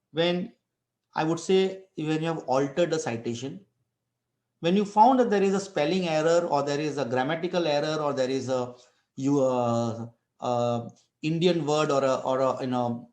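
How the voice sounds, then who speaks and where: A man's voice: on the high side, darkish tone, roomy sound. A man giving an online lecture, explaining step by step with restarts and frequent "right?" checks. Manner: explains step by step, many restarts and tag questions.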